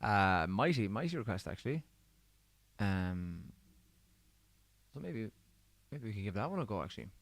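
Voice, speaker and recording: A man's voice: on the low side, sing-song, moderate pace, creaky, long pauses, no room sound. A man, chatting casually with viewers between songs on a livestream, his voice a bit worn from singing. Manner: chatty and easygoing, reading out viewer comments. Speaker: musician hosting a livestream.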